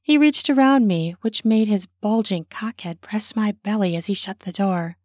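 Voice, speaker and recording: A woman narrating her own erotic story in a slow, intimate way, slipping into whispers. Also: medium pitch, darkish tone, no room sound, clean studio sound.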